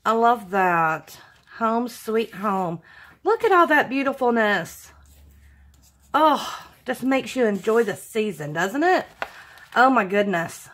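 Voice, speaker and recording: A woman's voice: a little high, big pitch swings, takes it slowly, fairly bright tone. A woman hosting a casual craft unboxing vlog, gushing and exclaiming over everything she opens. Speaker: craft channel host.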